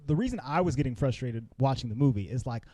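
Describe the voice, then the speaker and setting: A man's voice: fast talker, dry recording. A man co-hosting a podcast, chatting casually about a film and acting out the characters in exaggerated voices. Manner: animated, acts out characters in exaggerated high voices. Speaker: podcast co-host. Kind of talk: casual film review chat.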